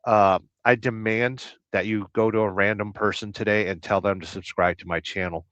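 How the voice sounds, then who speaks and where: An American truck driver hosting a casual livestream, rambling through jokes and viewer comments with a deadpan, blustery manner. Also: male voice, on the low side, moderate pace, dry recording. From United States. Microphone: livestream mic. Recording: dry, dull lo-fi stream audio.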